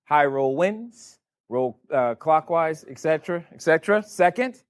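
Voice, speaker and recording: A man with a slightly high voice leads a live seminar audience through a board game. He talks in a playful way and keeps teasing the room with questions. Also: expressive, a little slow, clean tone. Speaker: real estate educator running a board game.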